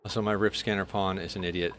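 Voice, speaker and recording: A man's voice: low voice, level tone, quick pace, noisy background. A man streaming a game live, frustrated, swearing and repeating himself as he talks to his viewers. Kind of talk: live gameplay stream talk.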